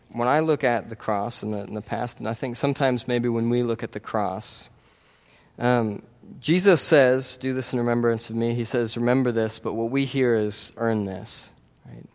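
This man's voice sits in the mid range and is a little mellow, moving at normal speed. Preaching earnestly in a conversational way, he checks in with the congregation often, using "right?" tags and frequent restarts.

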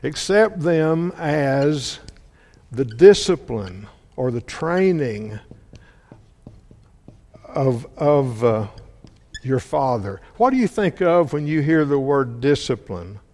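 Man, preacher, sermon, halting, repeats words, long hall reverb. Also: mid-range voice, big pitch swings, a little mellow. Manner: halting, repeats words, asks the audience questions. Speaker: preacher or Bible teacher.

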